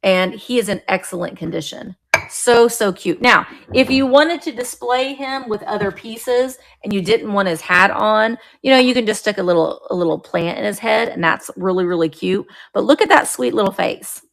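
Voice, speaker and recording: A middle-aged woman hosting a live online auction of vintage items, chatting warmly and greeting viewers by name as she describes each piece. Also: mid-range voice, normal speed, vocal fry. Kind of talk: live-stream sales chat.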